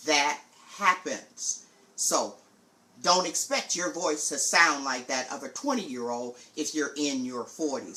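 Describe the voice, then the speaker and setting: A woman hosting a live-streamed teaching talk for preachers, speaking deliberately and enunciating carefully. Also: low voice, fairly bright tone. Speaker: preaching teacher, show host.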